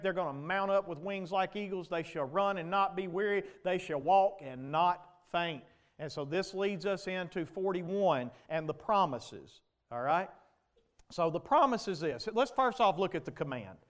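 A male pastor preaching a sermon, asking the congregation questions and building to loud, emphatic passages. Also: a little high, moderate pace. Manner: preaching with rhetorical questions to the congregation, rising to shouts.

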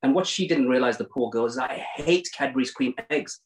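A man's voice: medium pitch, a little fast, slight background noise. A man from England hosting an interview, chatty and eager to move the talk along. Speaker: host. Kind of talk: conversational interview.

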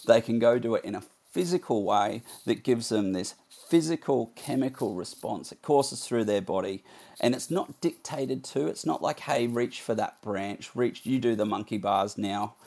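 A man with a slightly husky voice who hosts a conversation. He speaks earnestly and reflectively, telling his own story. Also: medium pitch, a little mellow. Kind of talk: conversational interview.

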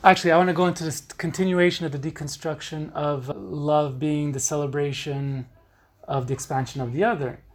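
A man's voice: on the high side, steady tone, brisk. Earnest man hosting a solo podcast. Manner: earnest, emphatic, casual swearing. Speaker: podcast host.

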